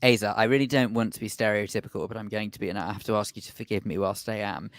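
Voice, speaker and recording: A man's voice: fairly low pitch, steady tone, quick pace, no room sound, studio quality. A man co-hosting a radio show, teasing and asking wry questions. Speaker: radio co-host. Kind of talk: casual comedic chat.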